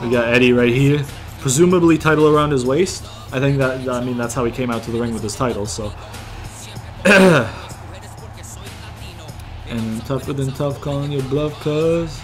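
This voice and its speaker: Dude casually commentating a wrestling game, swears a lot, mid voice, quiet music behind. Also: male voice, medium pitch, normal speed, pauses often. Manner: rambling, thinking aloud, profane. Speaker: gaming YouTuber.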